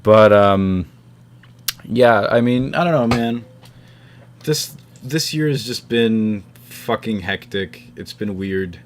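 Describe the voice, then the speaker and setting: Casting: man from New York, low voice, loose sweary host, lots of ums, faint hiss behind. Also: lively intonation, slow pace. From New York area. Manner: rambling, swears freely, many fillers. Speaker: podcast host. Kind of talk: casual chat over a call.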